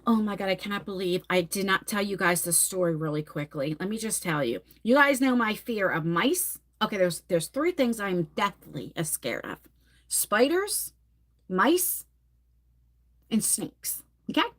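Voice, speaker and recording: A woman in her forties chatting candidly with viewers, laughing often and rushing through some phrases. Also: mid-range voice, big pitch swings, a bit bright. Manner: chatty and candid, laughing, bursts of fast talk. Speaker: vlogger answering viewer questions. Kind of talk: casual chat.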